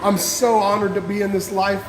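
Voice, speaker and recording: Man, very high voice, guest speaker, emotional fervent testimony, casual slang. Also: level tone, moderate pace. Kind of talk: impassioned personal testimony speech.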